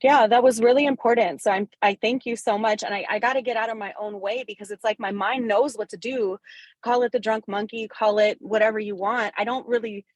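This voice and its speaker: Excited, blunt woman on a dry call. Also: fairly high pitch, fairly quick, no room sound, poor audio. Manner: candid, profane and excited. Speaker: real estate agent. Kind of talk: casual testimonial in a coaching call.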